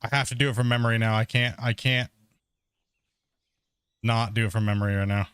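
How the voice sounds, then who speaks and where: A man's voice: medium pitch, steady tone, a little fast, a bit bright, smooth, no echo, studio quality. A man streaming a game live, bantering and teasing with viewers and teammates in a joking way. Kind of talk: live gameplay chat with viewers.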